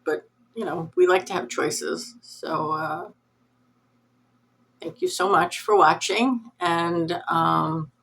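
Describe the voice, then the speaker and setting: Chatty nasal woman, low husky voice. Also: takes it slowly, a bit bright. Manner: chatty, rambling, self-deprecating. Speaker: cross-stitch vlog host. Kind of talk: casual chat to camera.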